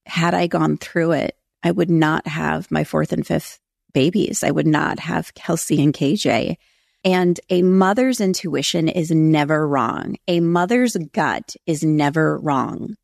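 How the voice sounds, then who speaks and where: Give me a middle-aged woman with a low gravelly voice telling a personal story, close and dry. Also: measured pace, darkish tone, no echo. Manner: earnest, confessional, emphatic. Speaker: podcast host. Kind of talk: personal testimony talk.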